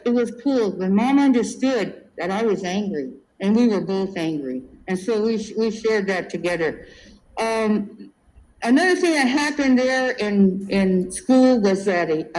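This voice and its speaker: A woman's voice: mid-range voice, a little slow, slight background noise, poor audio. Older woman telling her life story. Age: 70s. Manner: lively storyteller who acts out quoted voices. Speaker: interviewee. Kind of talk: oral history recollection.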